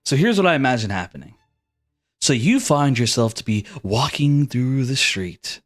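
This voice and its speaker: Male game master, casual descriptive storyteller, animated pitch. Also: normal speed. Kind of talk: narrating a tabletop game.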